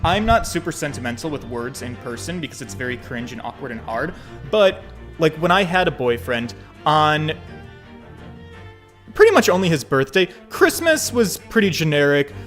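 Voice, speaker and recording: A male streamer gives animated, joking let's-play commentary and swears freely. His voice sits high and swoops all over. Faint music plays under the talk. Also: normal speed.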